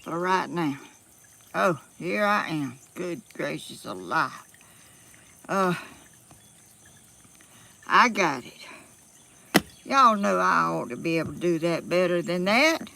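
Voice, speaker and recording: A Southern woman chats slowly and folksily on a phone live stream outdoors, a little out of breath. Her voice is bright but gravelly, full of fillers and easy laughs. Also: fairly low pitch, animated. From Georgia, US South. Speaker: vlogger.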